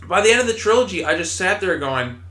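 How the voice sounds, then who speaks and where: A man's voice: sits high, sing-song, fast, pushed and bright, roomy sound. A man giving a casual, exasperated film review, swearing often and restarting his sentences. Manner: exasperated, profane, stammering restarts.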